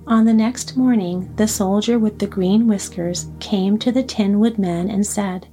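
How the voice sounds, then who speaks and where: A woman reading a storybook aloud as the narrator, in a calm, even way. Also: mid-range voice, unhurried, hardly any pauses, faint music behind. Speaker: audiobook narrator.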